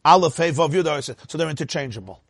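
Animated husky man teaching a class. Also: fast, no echo, studio quality. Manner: animated, laughs often, swoops up into a high voice.

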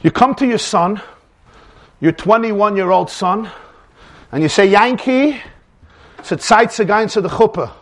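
A man's voice: high voice, a little slow, long pauses. A man giving a dramatic religious lecture, acting out dialogues with rising emphasis. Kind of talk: animated Torah lecture with acted dialogue.

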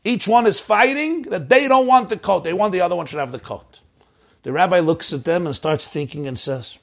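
Preacher-storyteller, male, higher register, animated delivery. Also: fairly quick, gravelly. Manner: animated, acts out shouting voices. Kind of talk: sermon storytelling.

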